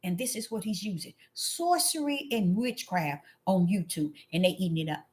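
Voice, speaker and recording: A woman giving an emphatic religious commentary to her viewers. She repeats phrases for emphasis and swings between loud exclamations and low, muttered asides. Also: big pitch swings, normal speed. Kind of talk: preachy commentary monologue.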